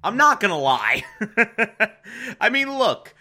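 A man's voice: a little high, animated, slow pace, pushed and bright. A man casually recapping a TV episode, chatty, laughing often and swearing.

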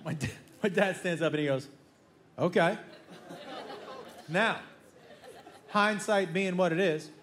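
A man doing a stand-up comedy routine, telling a story with animated energy and acting out the voices of the people in it. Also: high voice, moderate pace, a faint crowd. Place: comedy club stage before a laughing audience. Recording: roomy live club sound with noise.

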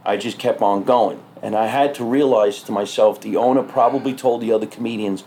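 A man, a stand-up comedian, telling stories in casual podcast talk, animated and swearing freely. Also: lowish voice, a little fast, few pauses. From New Jersey.

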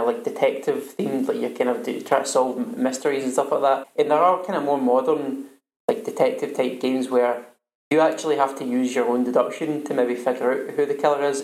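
A man at a middling pitch talks things through carefully, padding his thoughts with hedges. His voice carries a roomy echo. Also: darkish tone. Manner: measured, hedging with fillers. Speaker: podcast co-host. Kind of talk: casual chat.

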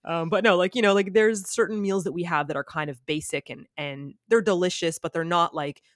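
A woman guest in casual conversation, telling stories with lively acted-out quotes. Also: on the low side, brisk, no room sound, clean studio sound. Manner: animated storyteller, acts out quotes. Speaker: podcast guest. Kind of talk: casual chat.

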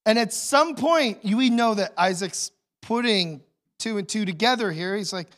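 A man preaching a sermon as pastor, telling the story with swings between hushed and loud emotional delivery. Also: a little high, measured pace.

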